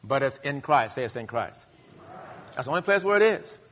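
A male pastor preaching a sermon, leading the congregation in call-and-response and rising to loud, high bursts. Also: very animated, brisk. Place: church sanctuary. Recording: long hall reverb.

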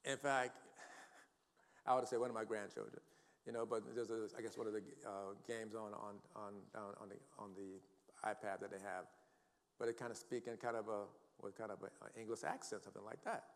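A man's voice: on the low side, steady tone, a little fast. An older man preaching a sermon in a church, quoting scripture emphatically and calling for responses from the congregation. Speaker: pastor. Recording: long hall reverb.

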